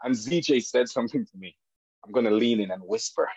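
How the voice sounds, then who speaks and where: Animated dad telling stories, dull dry recording. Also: male voice, moderate pace, husky, dry recording. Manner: animated storyteller, voice jumps high for quoted lines. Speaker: podcast guest. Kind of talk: storytelling in a podcast interview.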